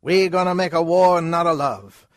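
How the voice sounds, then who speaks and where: A man voicing a brash, excitable comic schemer with a broad mock-Italian accent and broken English. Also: on the high side, moderate pace, no echo, studio quality, pitched above the performer's own voice, natural voice. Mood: boisterous. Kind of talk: comic reading with voices.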